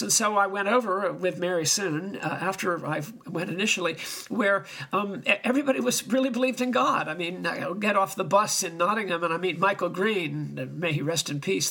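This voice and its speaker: An older man preaching, telling stories in an animated and emphatic way, often chuckling. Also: sits high, vocal fry, husky. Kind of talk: anecdotal sermon.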